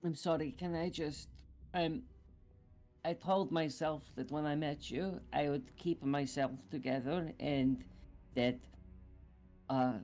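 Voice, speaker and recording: A man's voice: fairly high pitch, steady tone, slow pace, darkish tone, faint music behind. A man voicing an emotional young woman adventurer in a tabletop game, stammering and apologetic. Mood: tearful pleading. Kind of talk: roleplaying a tabletop game character.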